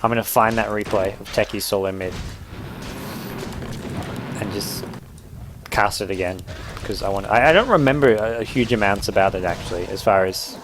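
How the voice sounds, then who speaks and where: A young man with an English accent giving live, joking play-by-play commentary on a video game, his pitch jumping up at big moments. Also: moderate pace, pauses often, background noise. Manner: excitable, jokey play-by-play with sudden rises in pitch.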